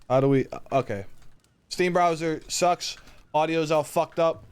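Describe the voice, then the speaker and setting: A young man live-streaming a game, rambling and swearing, breaking into high-pitched yells when frustrated. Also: expressive, moderate pace, clean tone. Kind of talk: casual live-stream chat while gaming.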